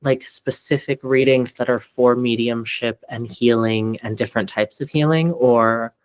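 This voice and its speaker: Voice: mid-range voice, steady tone, moderate pace, no room sound. A talk show host asking a guest questions casually, with lots of "like" fillers.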